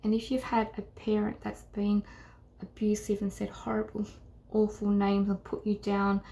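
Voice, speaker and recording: A middle-aged woman giving an intuitive tarot reading to camera, earnest and halting, often sinking into a whisper. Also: mid-range voice, completely flat delivery, gravelly, dark tone. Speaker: tarot reader.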